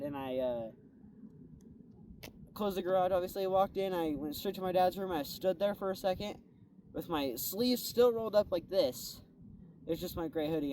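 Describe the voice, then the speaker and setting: A man's voice: fairly high pitch, a little mellow. A young man casually telling a story about his own day, rambling and laid-back, saying "bro" and "like" a lot. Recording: a bit distant from the mic, faint background noise.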